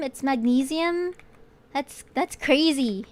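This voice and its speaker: A woman with a fairly high, unhurried voice streams as a vtuber while painting. She chats playfully with viewers, swears casually, and muses aloud to her chat.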